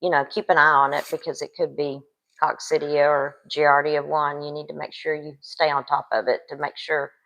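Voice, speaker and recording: Chatty, lower-voiced woman co-host. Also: flat delivery, normal speed, fairly bright tone, poor audio. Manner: chatty, enthusiastic, affirming. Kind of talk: casual live-stream chat.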